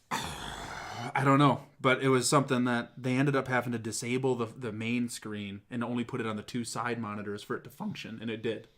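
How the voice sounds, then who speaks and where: Brief: male talk-show host, mid-pitched, casual and animated, swears freely while acting out quotes. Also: normal speed. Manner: animated, profane retelling with mimicked quotes. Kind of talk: casual chat.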